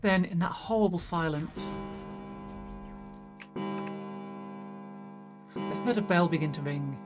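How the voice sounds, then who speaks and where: A woman with a lowish voice reads narration from a story game, then chats loosely as she decides what to do next. Her talk is relaxed and thinking-aloud. Clear music plays behind her. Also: slow pace. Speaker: streamer. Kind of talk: reading a visual novel aloud and chatting.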